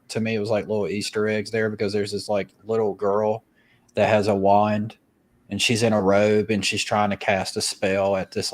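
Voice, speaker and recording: Man, low voice, podcast co-host, casual chat, crude jokes. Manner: crude, joking banter.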